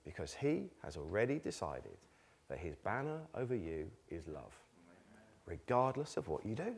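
Lively, animated male preacher. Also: low-pitched, moderate pace, vocal fry, breathy edge. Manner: chatty, self-deprecating humor, laughs between points. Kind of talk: conversational sermon. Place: church meeting with a live congregation.

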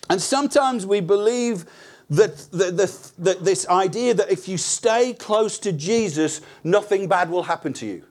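A man preaching a sermon in an earnest, conversational way, asking rhetorical questions and restarting words as he goes. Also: high voice.

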